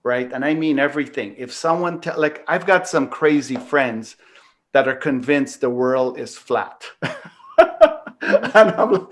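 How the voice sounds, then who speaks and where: A man's voice: mid-range voice, lively intonation, measured pace. A man hosting a talk show, casually telling a personal story, rambling with lots of fillers and the odd swear word. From Canada. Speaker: podcast host.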